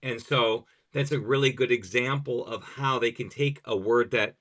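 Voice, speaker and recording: A man's voice: medium pitch, moderate pace, fairly bright tone. A man hosting a podcast who is also a language teacher, explaining grammar examples step by step in conversation.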